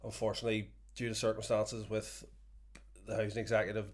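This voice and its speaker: A man's voice: fairly low pitch, level tone, a little fast. Casting: male co-host, blunt, indignant, casual podcast talk. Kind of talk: casual chat.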